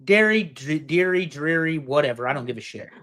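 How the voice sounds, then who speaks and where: Animated, jokey male co-host. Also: on the high side, brisk. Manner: animated, jokey, swings loud and quiet. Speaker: podcast co-host. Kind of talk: casual panel chat.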